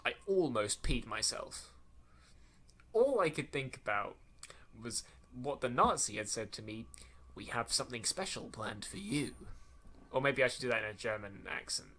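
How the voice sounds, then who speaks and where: Man, podcast host, reading a story aloud, bright tone, stumbles and rereads lines, sarcastic asides. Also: mid-range voice. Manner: stumbling over lines and rereading them mockingly.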